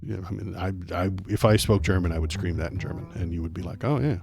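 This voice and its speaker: A man's voice: low voice, fairly even intonation, quick pace, gravelly. A man streaming political commentary, reading a document aloud and mocking it with sarcastic, angry asides and frequent stumbles. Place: home streaming setup.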